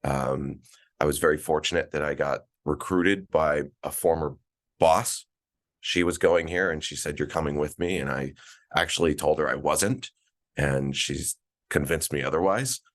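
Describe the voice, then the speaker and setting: A man in his forties, a guest on an interview podcast, telling stories in a relaxed, casual way with plenty of fillers and restarts, calling in from a conference. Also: a bass voice, moderate pace. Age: 40s. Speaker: guest, events director. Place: at a conference, remote call.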